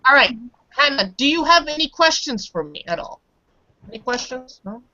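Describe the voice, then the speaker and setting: Halting woman teaching English online. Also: sits high, sing-song, pushed and bright, no echo, muffled recording. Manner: halting, restarts and repeats words. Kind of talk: casual live online class.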